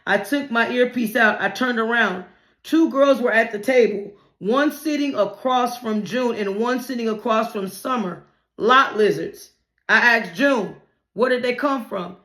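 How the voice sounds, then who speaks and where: Woman reading her own life story out loud, chatty, trips over words now and then, echoey room. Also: on the high side, unhurried. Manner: plain conversational reading with restarts and slips. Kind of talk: memoir narration, read aloud.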